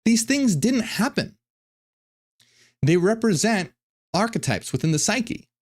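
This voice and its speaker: A man hosting a casual reaction commentary, talking in an animated, profane way and often restarting his sentences. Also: high voice, measured pace. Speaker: commentary host.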